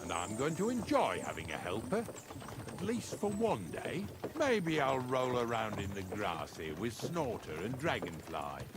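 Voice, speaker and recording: A coarse, joking knacker. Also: male voice, mid-range voice, sing-song, a little slow. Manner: folksy and blunt. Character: coarse, joking male knacker who hauls dead animals. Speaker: game character. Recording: game audio with loud ambient noise.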